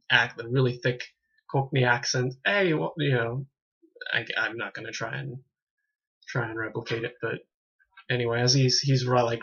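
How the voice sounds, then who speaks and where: Rambling husky man reviewing a film. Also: medium pitch, fairly bright tone. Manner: rambling, self-correcting, trips over words. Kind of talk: casual unscripted review. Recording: dull lo-fi home recording.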